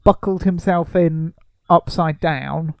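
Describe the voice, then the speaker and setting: A man's voice: on the high side, slow pace, vocal fry, smooth, dry recording. A man co-hosting a casual podcast, sarcastic and mock-indignant. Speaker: podcast co-host.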